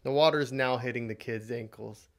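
A man vlogger tells a motivational story with animated, dramatic delivery. His voice sits at a mid male pitch. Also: normal speed.

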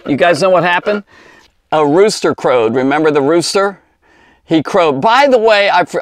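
A man gives an informal Bible lesson for children, talking in a loose, rambling way and stretching out the words he wants to stress. His voice sits a little high, and the recording is dry with almost no room sound. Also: dry recording. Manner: rambling, conversational, with many fillers and asides. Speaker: Bible teacher for kids.

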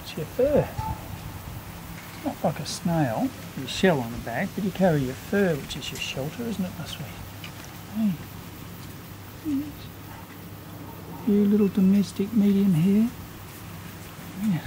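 A woman talking to her cat in soft, doting baby talk, outdoors in a garden. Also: medium pitch, expressive, a little slow, pauses often, background noise. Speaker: cat owner filming her cat. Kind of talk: cooing talk to a pet.

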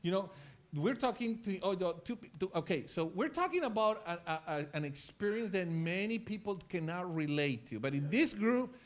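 A male pastor preaching a sermon in church, telling stories with lively acted-out scenes and repeating words as he gets excited. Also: sits high, normal speed. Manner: animated storytelling, acts out scenes.

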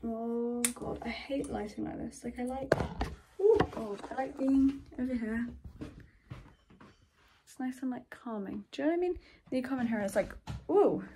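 A teenage girl chatting excitedly in a casual vlog from her bedroom. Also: on the high side, moderate pace, long pauses, background noise. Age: teens. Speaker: vlogger. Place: bedroom at home.

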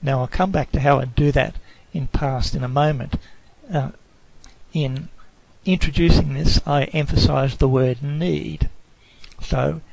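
A man giving a screencast tutorial on a statistics program, explaining slowly and carefully, sometimes correcting himself mid-sentence. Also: fairly high pitch, vocal fry, a little mellow, rough recording. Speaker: lecturer.

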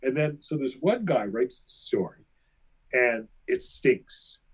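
A man telling animated, self-mocking anecdotes as a guest in a casual interview. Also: mid-range voice, takes it slowly, breathy edge.

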